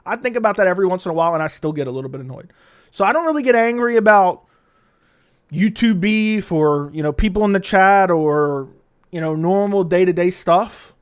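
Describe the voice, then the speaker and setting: A man hosting a casual livestream, telling stories in a profane, animated way into a studio mic. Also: high-pitched, a little fast, clear, resonant tone. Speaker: livestream host.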